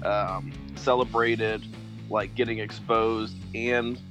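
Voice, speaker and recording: A man from Illinois co-hosting a casual podcast, relaxed, often laughing and using lots of fillers. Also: on the low side, slow, music in the background, rough recording. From Edwardsville, Illinois, USA. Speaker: podcast co-host. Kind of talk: casual wrestling podcast chat.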